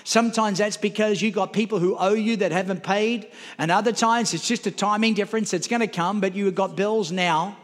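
A man preaches a sermon, acting out a story with mounting energy. His voice sits very high for a man. The sound rings out in a reverberant hall with a long tail. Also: a little fast. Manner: animated storyteller, voice climbs and gets louder as the story builds. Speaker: pastor.

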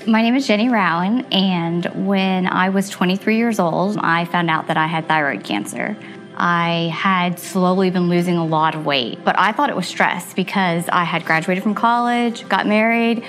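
A woman in her thirties telling her personal faith testimony earnestly and reflectively, with soft laughs. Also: on the low side. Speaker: testimony guest. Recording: music playing underneath.

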